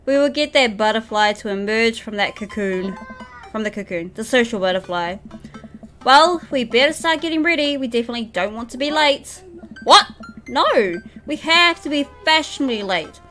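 A woman's voice: a little high, animated, normal speed, sharp tone, faint music behind. A young woman streaming a game live, reading its dialogue aloud and laughing often as she chats with viewers. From New Zealand. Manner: giggly, chatty with viewers, reads game lines in a playful voice.

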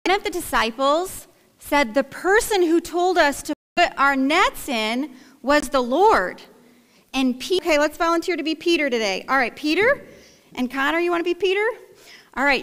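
A woman's voice: sits high, animated, moderate pace, fairly bright tone. A woman pastor leading a playful, interactive children's story, coaxing the kids to act it out. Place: church sanctuary. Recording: echoey church hall.

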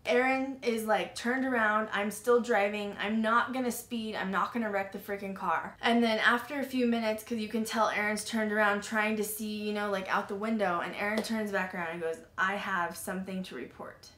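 A woman hosting a paranormal podcast tells her own story in a loose, animated way, with lots of "like" fillers and the odd curse word. Her voice sits at an ordinary middle pitch for a woman. The room around her gives a noticeable echo. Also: moderate pace, hardly any pauses. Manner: animated, filler-heavy retelling with frequent "like" and swearing. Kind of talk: casual storytelling. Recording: roomy echo.

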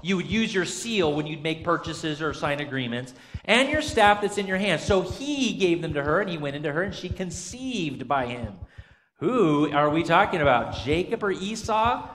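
Speaking at a normal pace in an expressive, somewhat high and slightly bright voice, a pastor quizzes his congregation on Bible trivia. He's chatty and uses lots of fillers, and the sanctuary recording has long reverb and slight background noise.

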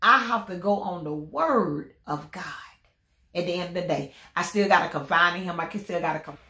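A woman's voice: on the low side, moderate pace, sharp tone, reverberant. A woman vlogging about her faith through illness, in some pain, talking in a repetitive, preachy way and chanting her sign-off lines. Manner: preachy, repetitive, sings out catchphrases. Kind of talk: casual faith-filled vlog chat.

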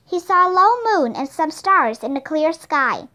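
A woman narrates a children's storybook in a high, bright voice. Her reading is steady and expressive. Each sentence is clearly shaped for young listeners. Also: a little slow. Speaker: audiobook reader.

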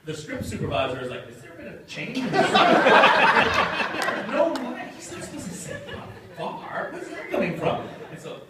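A man with a fairly high, very lively voice tells a story to a convention crowd, acting out each quote and laughing along. He is recorded from far back in a cavernous hall. Background noise runs throughout. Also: moderate pace. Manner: acts out quotes, laughs often. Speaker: convention panel guest. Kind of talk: animated anecdote on stage. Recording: roomy hall, distant mic, noisy.

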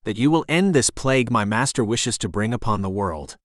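A man's voice: medium pitch, animated, a little fast, no room sound, clean studio sound, natural voice. A man voicing a cruel, mocking male demon king who taunts his captors in an audiobook. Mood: menacing taunt. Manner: taunting, cackling menace.

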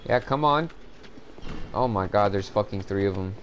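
Swearing and exasperated, a gameplay commentator rants at the players watching as he walks through a game. His voice sits on the low side, his pace is normal, and there's background noise.

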